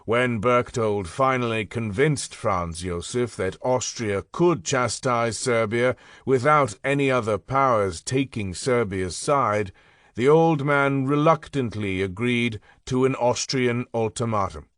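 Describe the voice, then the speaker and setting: A man reading a history audiobook as scripted narration, measured and deliberate, slowing down to stress key phrases. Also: mid-range voice, fairly bright tone, no echo, clean studio sound.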